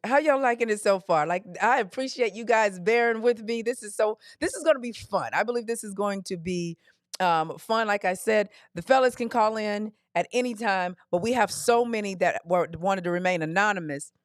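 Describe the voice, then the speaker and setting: A woman's voice: mid-range voice, moderate pace, dry recording, clean studio sound. A woman hosting a live call-in advice podcast, talking in a sassy, direct coaching way and calling listeners honey and darling. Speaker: podcast host.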